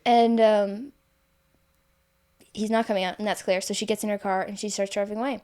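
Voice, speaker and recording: A guest author recounts a story in an easygoing, casual chat, rambling, doubling back and correcting herself with plenty of fillers. Her medium-pitched voice is steady, brisk and darkish in tone.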